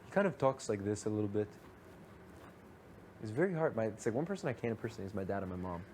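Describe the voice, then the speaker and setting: Fast-talking young man, rambling casually. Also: on the low side, very animated, darkish tone, a little hiss or hum. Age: young adult. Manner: fast, rambling, heavy on fillers. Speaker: reality show houseguest. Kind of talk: casual late-night chat.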